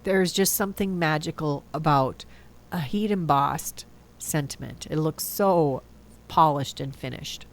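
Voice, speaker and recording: A woman hosting a card-making video chats casually in her voice-over, her nose stuffy from a cold. She speaks low and at a measured pace, thinking aloud and often correcting herself.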